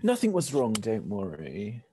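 A man's voice: lowish voice, wildly swooping pitch, dark tone, slight background noise. A man playing a stammering, flustered casting director. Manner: halting, stammering, filler-heavy. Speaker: actor voicing a nervous casting director.

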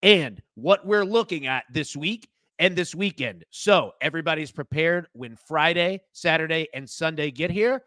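A man's voice: on the high side, animated, normal speed, hardly any pauses, sharp tone, no echo, studio quality. A man co-hosting a live sports betting show, upbeat as he explains picks and announces new content. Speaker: co-host.

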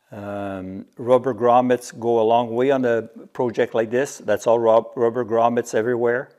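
A man's voice: medium pitch, darkish tone. Man explaining a DIY build methodically. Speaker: DIY maker. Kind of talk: casual workshop show-and-tell.

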